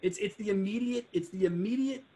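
A man speaking fairly quickly in a high-pitched voice chats on a podcast about his days running a car dealership. He animates his stories by playing the customers and swears along the way, with slight background noise in the recording.

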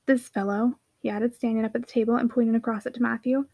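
A woman's voice: a little high, level tone, fast, vocal fry, mellow, no room sound. A woman voicing a proud, quarrelsome young boy who speaks with haughty indignation. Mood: indignant.

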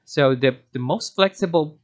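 A man's voice: fairly high pitch, moderate pace. Man teaching, rambling explanations. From Philippines. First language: Cebuano. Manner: rambling and self-correcting, often digresses. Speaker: language teacher. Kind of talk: explanatory language lesson.

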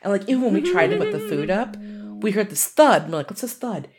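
A woman's voice: mid-range voice, wildly swooping pitch, brisk, crowd noise. A woman chatting casually on a podcast, telling a story, laughing often and swearing freely.

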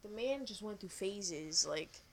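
Fast-talking young woman, casual podcast chat. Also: medium pitch, expressive, slight background noise. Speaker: podcast co-host.

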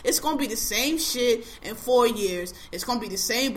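Bright-voiced woman ranting angrily. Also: fairly high pitch, a little fast. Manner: angry, profane, emphatic ranting. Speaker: podcast host. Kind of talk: casual ranting chat.

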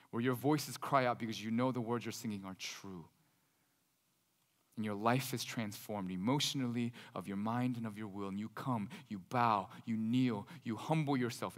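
A man preaching a sermon as a pastor, telling stories and swelling loud before dropping to a hushed voice. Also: medium pitch. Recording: long hall reverb.

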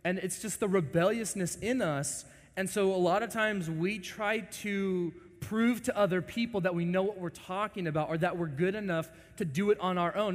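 A man in his twenties preaching a lively, joking sermon to a congregation, often acting out quoted voices. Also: high-pitched, moderate pace. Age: 20s. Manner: animated, jokey, acts out quoted voices. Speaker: pastor. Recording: long reverb of a large hall.

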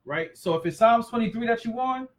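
High-pitched guy in his 30s co-hosting a church chat, gets animated, acts out voices. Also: a little fast, poor audio. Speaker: co-host. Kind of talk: casual faith discussion.

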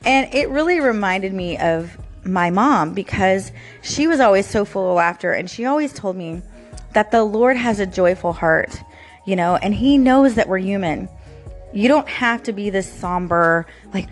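A woman's voice: medium pitch, lively intonation, normal speed, soft background music. A woman in her thirties hosting a casual devotional talk show, chatty, laughing often and full of fillers. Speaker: podcast host.

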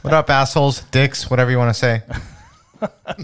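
A man co-hosting a casual podcast, joking and telling animated stories. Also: medium pitch, normal speed, clear, resonant tone.

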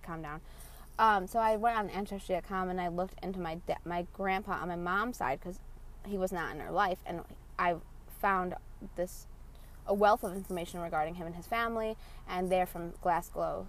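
A woman ranting casually in a vlog, cursing freely and telling a story about her loud mother. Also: fairly low pitch. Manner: profane, animated storytelling with loud imitations. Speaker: vlogger. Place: in her parked car.

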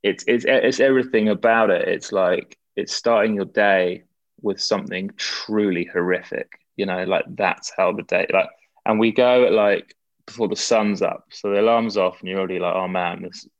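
A man's voice: fairly low pitch, normal speed, dry recording, dull audio. A young man, a guest in a casual interview, talking in a rambling way with many fillers and restarts.

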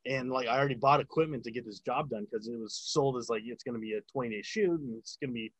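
A man's voice: mid-range voice, fast talker, no room sound, poor audio. Rambling man swearing casually. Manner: rambling, heavy filler words and swearing. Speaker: film sound crew member telling a story. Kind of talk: casual chat.

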